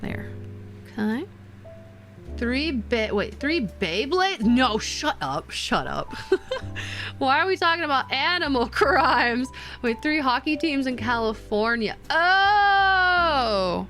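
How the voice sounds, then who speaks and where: A young woman streaming while doing a craft, chatting casually with her viewers and getting excited easily. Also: high-pitched, slow pace, soft background music.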